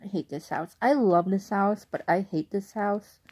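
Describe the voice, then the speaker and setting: The vlogger, a young woman, winds through a casual, talkative story at night in her bedroom, saying "like" constantly and drifting into asides. Her mid-range voice is a little mellow and moves at a moderate pace.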